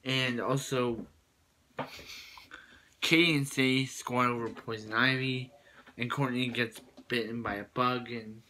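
A man's voice: medium pitch, fairly even intonation, takes it slowly, long pauses, pushed and bright, slight background noise. A man casually recapping a cartoon episode in a rambling way, full of fillers and restarts. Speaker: show reviewer.

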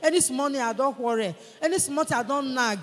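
A woman in her forties with a Nigerian Pidgin English accent, giving an animated testimony in church and acting out what others said to her. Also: high voice, brisk. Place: large church hall. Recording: long church-hall reverb.

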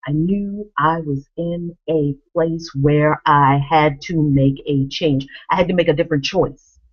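A woman in her thirties, a vlogger, telling a family story to camera and acting out the people in it with lively swings in her voice. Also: deep voice, measured pace, lo-fi sound. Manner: animated, acts out quoted voices.

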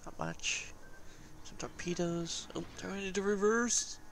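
A man giving casual, excitable gameplay commentary, laughing often and swearing cheekily. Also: high-pitched, slow, vocal fry, a little hiss or hum.

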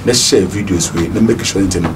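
Low-voiced Ghanaian host, distant and noisy. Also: male voice, a little fast. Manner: friendly direct appeal to viewers. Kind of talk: casual show outro. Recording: distant mic with clear noise.

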